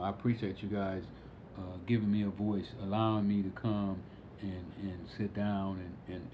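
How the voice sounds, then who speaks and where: A low-voiced man speaks as a podcast guest, unhurried and reflective, often circling back with fillers and restarts. The recording sounds slightly dull, with a faint hum beneath. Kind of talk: casual conversation.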